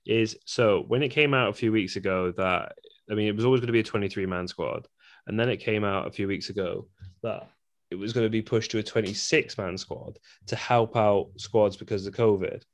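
A man co-hosting a casual football podcast, opinionated and animated, with quick asides. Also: on the low side. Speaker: podcast co-host.

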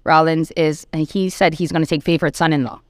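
A woman teacher chatting casually on a podcast, telling stories in an animated way with lots of "like". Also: deep voice, quick pace, no echo, clean studio sound. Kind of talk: casual chat.

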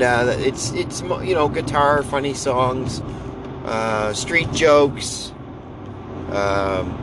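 A man, hosting a podcast in a wry, rambling monologue full of halting restarts. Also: medium pitch, noisy background. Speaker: podcast host.

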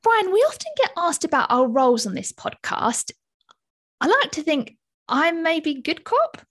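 A woman co-hosting a podcast, introducing the show and asking guests questions in a bright, friendly way. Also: very high voice, very animated, measured pace. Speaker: podcast co-host. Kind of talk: scripted podcast hosting and interviewing.

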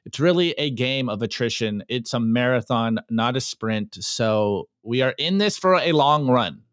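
A man hosting a solo podcast, reading memes aloud and rallying listeners, swinging from fired-up calls to low, earnest asides. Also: lively intonation, unhurried, dry recording, clean studio sound. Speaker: podcast host.

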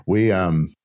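An older man hosting a casual podcast, rambling and joking, barely stopping for breath. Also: low voice. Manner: rambling, jokey, talks without pause. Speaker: podcast host.

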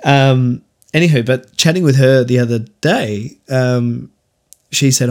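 A man's voice: mid-range voice, unhurried. Aussie guy doing a solo podcast, chatty and candid, lots of ums and restarts. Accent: Australian. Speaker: podcast host.

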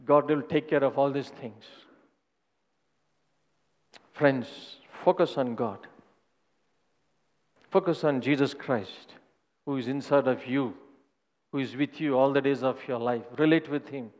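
A man's voice: medium pitch, unhurried, long pauses, long reverb tail. A male pastor giving an earnest sermon and personal testimony, often repeating phrases as he builds a point.

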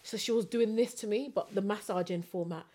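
A woman's voice: medium pitch, brisk, warm tone. A woman co-hosting a podcast, telling candid stories in a playful, casual way. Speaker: podcast co-host. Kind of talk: casual chat.

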